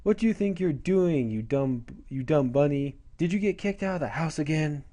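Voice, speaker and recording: A man's voice: fairly high pitch, lively intonation, moderate pace, mellow, pitched above the performer's own voice, lightly acted. A man voicing a bratty little brother who taunts and mocks. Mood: taunting.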